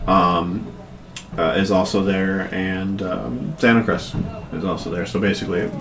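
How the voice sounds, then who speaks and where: A man's voice: low voice, fairly even intonation, measured pace. A man narrating as game master in a casual, rambling way full of fillers, in an echoey room.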